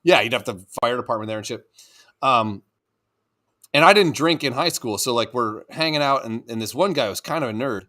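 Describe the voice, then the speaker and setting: A man's voice: medium pitch, brisk, bright, forceful tone. A man co-hosting a crude, casual podcast chat, rambling, laughing often and slipping into goofy voices. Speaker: podcast co-host.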